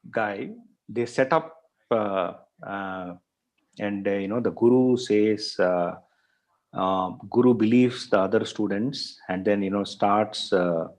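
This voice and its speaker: A man's voice: lowish voice, a little mellow, poor audio. A male professor telling a story in a lecture, with many fillers and repeated words. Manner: frequent fillers, repeats words, thinks aloud.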